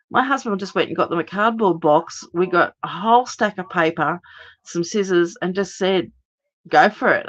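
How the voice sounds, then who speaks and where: A hoarse, lower-pitched middle-aged woman talks viewers through a craft project step by step, chatty and full of ums. The audio sounds dull and muffled, like a home live stream. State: hoarse, recovering voice. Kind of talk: live card-making demonstration.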